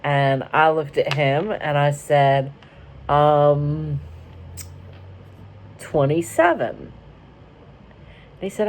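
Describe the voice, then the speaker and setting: Slow-talking woman vlogger from Florida. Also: low voice, a little mellow. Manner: rambling, self-interrupting, wry. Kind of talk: casual storytelling. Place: car.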